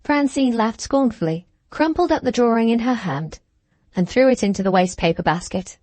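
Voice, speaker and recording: A woman narrating a classic novel as an audiobook in a measured, even storytelling manner. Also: fairly high pitch, dry recording.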